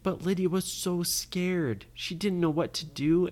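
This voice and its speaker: A parent improvising a bedtime story for a child, expressive and pausing to ask the listener questions. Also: mid-range voice.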